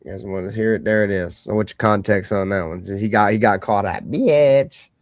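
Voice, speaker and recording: A man's voice: on the low side, flat delivery, brisk, slight background noise. A man hosting a podcast, chatting casually, loose, joking and profane. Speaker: podcast host.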